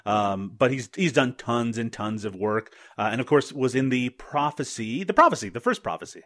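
A man's voice: medium pitch, lively intonation, moderate pace, fairly bright tone. A man hosting a film podcast, laying out his arguments with some hesitation. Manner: analytical, building points with hesitations. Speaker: podcast host. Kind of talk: casual film-review chat.

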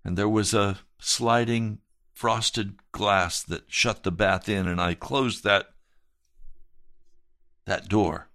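Man, pastor, slow deliberate delivery, lowish voice, earnest testimony sermon, dry close sound. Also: fairly even intonation, bright, forceful tone, no echo. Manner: slow, earnest storytelling with dramatic swells.

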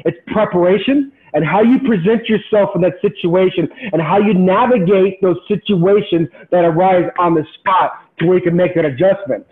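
A man in his forties, a former pro ballplayer, tells a story as a podcast guest in an animated, intense, motivational way, repeating words when excited. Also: high-pitched, moderate pace, few pauses. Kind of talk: storytelling in casual interview. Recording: tinny phone-like sound.

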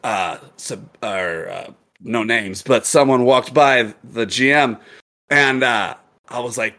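A young man streaming games, telling a profane story in a casual, animated, laughing way. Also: mid-range voice, takes it slowly. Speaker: gaming streamer.

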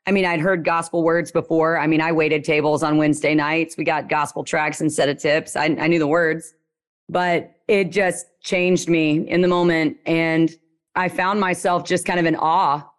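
A young woman with a Southern Louisiana accent tells her story as an interview guest. Her voice sits a little low, and she talks in a loose, lively way with playful asides. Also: normal speed. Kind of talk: casual storytelling.

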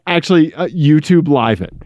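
A man's voice: on the high side, expressive, moderate pace, darkish tone, no room sound, highs cut off. Joking man from Missouri, dry close mic. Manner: joking, reads out listener game with asides. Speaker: co-host. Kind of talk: casual banter podcast.

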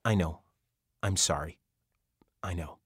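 A man's voice: low-pitched, slow pace, breathy edge, no room sound, studio quality, exaggerated voice. A man doing an earnest, awkward friend. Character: awkward, well-meaning middle-aged man.

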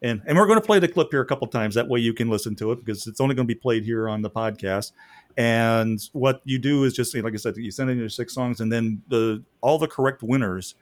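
A man's voice: medium pitch, fast talker, dry recording. A man co-hosting a podcast, reading out announcements and running a contest in a loose DJ-style way. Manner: lively, laughing, loose DJ-style delivery. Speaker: podcast co-host. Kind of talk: casual podcast chat.

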